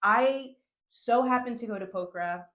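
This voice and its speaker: A woman's voice: a little high, moderate pace. Laughing woman telling a story in a roomy space. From Honduras. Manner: animated, laughs often, acts out dialogue. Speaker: guest. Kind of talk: casual storytelling. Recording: roomy echo.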